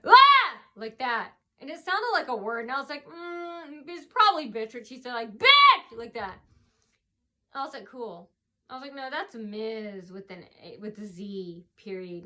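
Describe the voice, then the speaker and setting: Woman vlogger, high bright voice, rambling tearful storytelling to camera. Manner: rambling, many fillers and restarts, mimics shouts. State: tearful, face swollen from crying.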